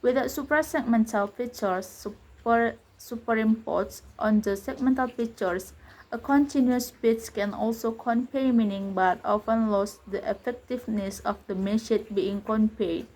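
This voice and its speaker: A young woman, a student presenter, reading lesson notes aloud in a steady, even way. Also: fairly high pitch, unhurried, rough recording.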